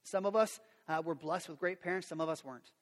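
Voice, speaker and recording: A middle-aged man preaching a sermon as a pastor, animated, acting out quotes and sound effects. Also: fairly high pitch, fast talker. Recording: long reverb of a large hall.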